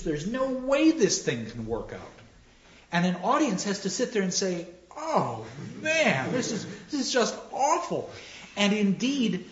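A man lecturing on drama with frequent restarts, animatedly acting out the lines he quotes. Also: sits high. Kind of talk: lecture with audience questions. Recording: dull roomy lecture recording.

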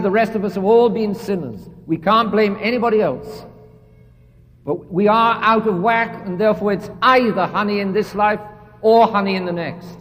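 A man with a high voice delivers an earnest sermon, repeating his phrases for emphasis. His words ring out with a long reverb, as in a church. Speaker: preacher.

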